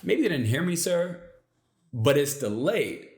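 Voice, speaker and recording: A man's voice: on the high side, very animated, a little slow, a little mellow. A man doing a puzzled airline gate lady. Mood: insistent. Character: polite, puzzled female airport gate agent. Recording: echoey room.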